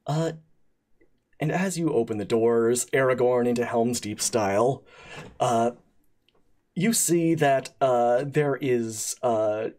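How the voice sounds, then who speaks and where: A man narrating as game master of a streamed tabletop game, pausing often with fillers and restarts. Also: medium pitch, a little mellow. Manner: halting, many fillers and restarts. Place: streaming setup.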